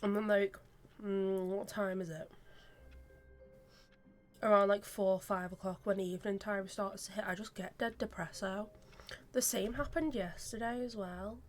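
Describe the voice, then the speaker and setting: A woman's voice: mid-range voice, fairly even intonation, unhurried, long pauses. A woman streamer chatting casually during a game in a rambling, giggly way. She sits far from the mic. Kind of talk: casual gaming chat.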